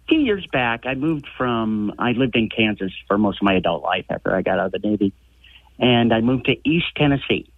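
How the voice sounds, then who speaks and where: A man's voice: fairly low pitch, lively intonation, a little fast, no echo. An older American man calling in to a radio show, telling a chatty story over a phone line. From United States. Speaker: caller. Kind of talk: phone-in anecdote.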